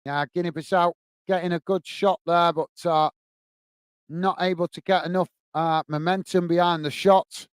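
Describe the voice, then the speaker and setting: A man hosting a football watch-along, commentating on the match and chatting warmly with viewers in the chat. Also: high-pitched, fairly even intonation, normal speed, clean tone, no room sound. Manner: chatty, says "mate" a lot, reads chat messages aloud.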